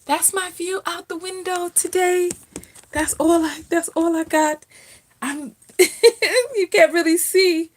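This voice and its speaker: A woman's voice: very high voice, slow. A woman hosting a casual live stream from home, chatting with viewers, reading their comments aloud and laughing often.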